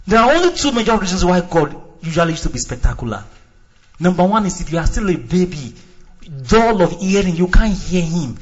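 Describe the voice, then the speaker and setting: A male pastor preaching a sermon, acting out little dialogues, swinging between shouts and quiet asides. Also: high voice, highs cut off.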